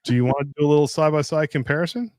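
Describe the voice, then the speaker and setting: Animated man telling a story. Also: racing, no room sound. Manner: animated storyteller, jumps up high when imitating others. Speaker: host of a whiskey tasting livestream. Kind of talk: casual livestream chat and storytelling. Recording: dry close sound.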